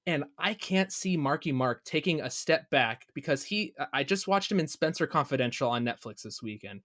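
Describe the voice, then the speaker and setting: Animated man ranting on a podcast. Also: on the high side, normal speed, no room sound, clean studio sound. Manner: animated, ranting, jokes in put-on voices. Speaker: podcast co-host. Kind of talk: casual gaming podcast chat.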